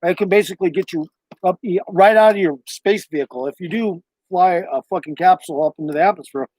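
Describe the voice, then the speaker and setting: A man's voice: high-pitched, quick pace, darkish tone. A man livestreaming from home, talking in a loose, meandering way with a lot of swearing. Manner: loose, profane, meandering talk. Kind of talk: casual rambling livestream chat.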